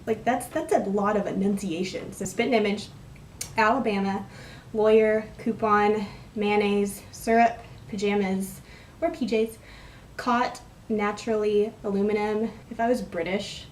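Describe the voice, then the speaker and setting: A woman's voice: mid-range voice, fairly even intonation, unhurried, reverberant, distant mic, a little hiss or hum. A young woman from Texas with a Texan accent, chatting casually and rambling through an accent tag vlog. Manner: chatty, rambling, self-deprecating. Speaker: vlogger.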